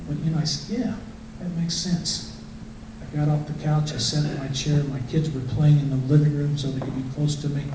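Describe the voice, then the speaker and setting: A man's voice: on the high side, little pitch movement, fast talker, few pauses. A middle-aged man gives a conversational personal testimony to a congregation, telling his story in plain talk. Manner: conversational storytelling, acting out quotes. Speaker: guest speaker. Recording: echoey hall from far off, faint noise.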